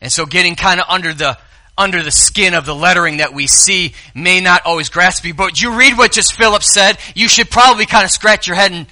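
A man preaching a sermon as pastor in a church sanctuary, dropping to soft asides and rising to loud, drawn-out quotes. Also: high-pitched.

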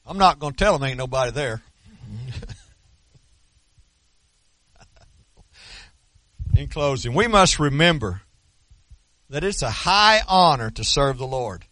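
A man preaching a sermon as pastor, emphatic and folksy, slowing down to stress scripture. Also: mid-range voice, expressive, sharp tone, dry recording. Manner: folksy, with colloquial asides and repeated words.

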